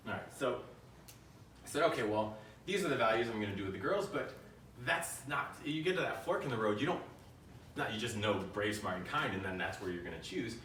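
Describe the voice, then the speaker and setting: A man's voice: medium pitch, a bit bright, far from the mic, a little hiss or hum. A man giving a live keynote talk, conversational and asking the audience questions. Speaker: keynote speaker. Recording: echoey room, voice from the mic.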